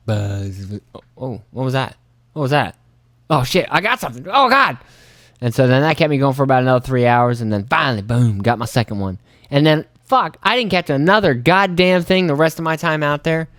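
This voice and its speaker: A young man rambles through a story on his own podcast, swearing freely and mimicking his own flustered reactions with sudden high-pitched bursts. His voice sits in an ordinary middle pitch. The sound is dry and close, with no room around it. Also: no echo. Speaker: podcast host. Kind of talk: casual solo storytelling.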